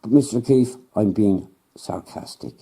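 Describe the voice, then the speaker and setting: A man playing a grumpy skeptical angler, dark mellow voice, husky, blunt, sarcastic. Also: fairly low pitch, a little slow, full character voice. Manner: blunt, suspicious, grumbling, sarcastic. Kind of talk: comedy sketch, improvised two-hander.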